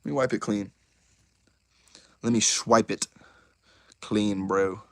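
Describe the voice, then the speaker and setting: A young man hosting a casual live stream, excitable and chatty, talking straight to his chat. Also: lowish voice, takes it slowly, no room sound. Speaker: YouTuber host of a live stream.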